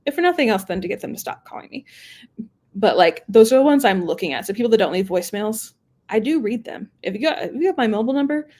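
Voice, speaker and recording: A woman sales executive in casual interview chat, animated, laughing often and acting out quoted phone calls. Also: on the high side, fast talker.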